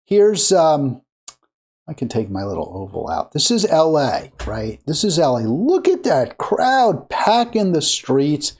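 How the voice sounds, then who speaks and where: A man's voice: fairly high pitch, huge pitch swings, measured pace, a little mellow, husky. Rambling male political show host. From Maryland, USA. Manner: rambling, conversational, frequent fillers and restarts. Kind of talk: casual political commentary.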